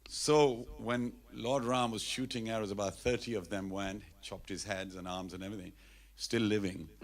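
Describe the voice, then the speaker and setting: A man's voice: fairly low pitch, moderate pace. A man speaking at a temple festival, telling a sacred story with animation and leading chants. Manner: animated storyteller, leads call-and-response chants.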